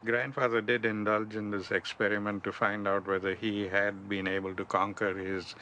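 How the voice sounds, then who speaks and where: A man being interviewed, answering in a calm, measured way. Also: fairly low pitch, slight background noise. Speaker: interviewee, a family member.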